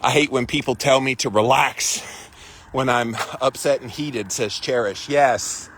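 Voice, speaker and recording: A man's voice: medium pitch, a little slow, fairly bright tone. A man hosting a casual live stream while out walking, reading viewer comments and giving his opinions in a chatty way, with outdoor noise behind him. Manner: chatty, opinionated, stretches out phrases for emphasis. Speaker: host of a weekly walk-and-talk live stream. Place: outdoors on a walk.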